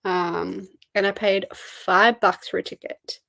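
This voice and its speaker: A woman's voice: mid-range voice, steady tone, slow pace, creaky, sharp tone, no echo. Chatty tired young woman, dry sound. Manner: chatty, reads out and answers chat messages. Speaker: livestream host. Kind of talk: casual live-stream chat.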